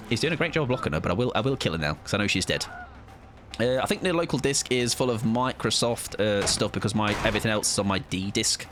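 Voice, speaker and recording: A man's voice: on the low side, animated, fast, a bit bright, faint music behind. A young man casually commenting on his live gameplay, joking, swearing and taunting in mock-villain fashion. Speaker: streamer.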